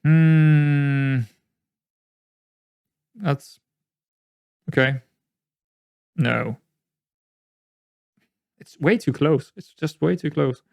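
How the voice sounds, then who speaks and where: A man's voice: on the high side, very slow, creaky, pauses often, no echo, muffled recording. A man giving rambling, exasperated commentary while playing a management game, often repeating himself. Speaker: gaming YouTuber. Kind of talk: let's-play commentary.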